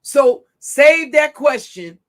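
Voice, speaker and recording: Speaking slowly in an expressive, high voice, a woman livestream host delivers a ranting monologue to her chat that is confrontational, foul-mouthed, and taunting.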